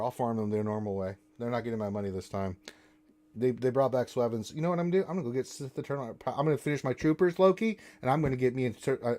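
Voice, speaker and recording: A man's voice: medium pitch, a little mellow. A man hosting a casual live stream, answering chat questions and teasing viewers and his co-host with mock indignation.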